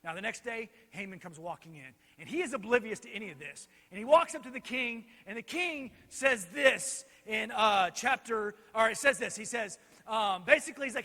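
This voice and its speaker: A male pastor telling a Bible story in an animated, joking way while directing helpers on stage, in a reverberant church hall. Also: high-pitched, moderate pace. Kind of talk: children's Bible lesson storytelling.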